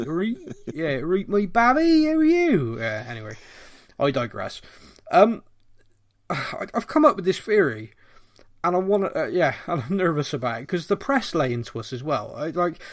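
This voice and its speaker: A middle-aged man from Bristol with a mild Bristolian accent, co-hosting a podcast in a rambling, animated casual chat. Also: mid-range voice. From Bristol, England. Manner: animated, rambling, thinks aloud. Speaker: podcast co-host.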